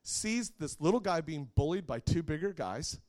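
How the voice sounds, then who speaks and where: A man's voice: on the high side, lively intonation, moderate pace, darkish tone. A man preaching a sermon to a live congregation, conversational and joking, asking the audience questions. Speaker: pastor.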